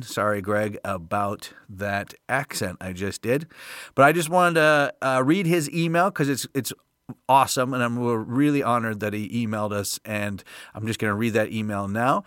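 A man's voice: mid-range voice, moderate pace, bright, forceful tone, no room sound, clean studio sound. A man hosting a podcast, talking in a casual, upbeat, rambling way with many fillers. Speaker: podcast host.

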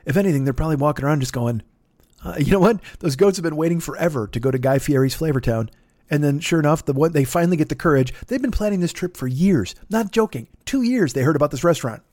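A man hosts a comedy podcast, swearing freely and ranting in a sarcastic, rambling way. His voice sits a bit high for a man. The sound is close and dry. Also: lively intonation, fast talker, a little mellow, no echo. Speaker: podcast host.

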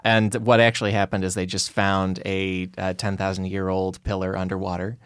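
A man's voice: deep voice, completely flat delivery, normal speed, clean tone. A man hosting a podcast, chatting casually and laughing often. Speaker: podcast host. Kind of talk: casual chat.

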